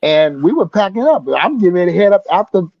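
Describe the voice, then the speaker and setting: Male co-host, high voice, relaxed banter, dry close recording. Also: quick pace, no echo, lo-fi sound. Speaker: co-host, musician. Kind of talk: casual talk show banter.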